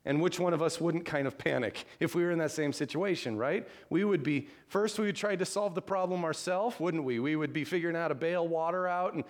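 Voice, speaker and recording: A man's voice: fairly high pitch, fairly quick, few pauses. Earnest conversational male preacher. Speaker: pastor. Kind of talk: sermon.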